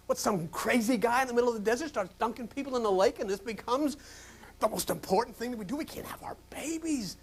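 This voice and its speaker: An older male pastor from New Jersey preaching a sermon, swinging from loud, emphatic questions to hushed whispers. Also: extremely high pitch, fast talker, breathy edge.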